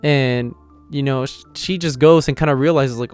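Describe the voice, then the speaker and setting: A man as a casual YouTube manga reviewer, mid pitch, animated retelling, filler-heavy. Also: normal speed, clear, resonant tone, faint music behind. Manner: rambling, lots of "like" and "you know" fillers. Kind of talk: casual chapter review and reaction.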